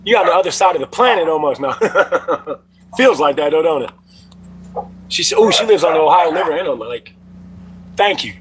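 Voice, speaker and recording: A man's voice: on the high side, expressive, moderate pace, long pauses, fairly bright tone, low-quality recording. A middle-aged man hosting a casual livestream from home, telling loose, profane stories to his chat. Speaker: livestream host.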